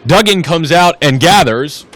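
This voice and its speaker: A man's voice: on the high side, lively intonation, measured pace, fairly bright tone, a little hiss or hum. A man doing play-by-play commentary on a live soccer match, switching between calling the action and chatting with his partner.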